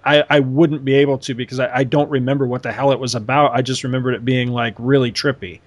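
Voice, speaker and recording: A man co-hosting a podcast in casual chat, rambling through stories with lots of fillers and asides. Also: mid-range voice. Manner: rambling, animated storytelling with many fillers. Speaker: podcast co-host.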